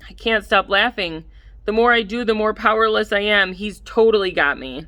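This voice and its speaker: A woman reading a first-person audiobook in a measured way, livening up the dialogue. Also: medium pitch, bright, forceful tone. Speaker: audiobook narrator.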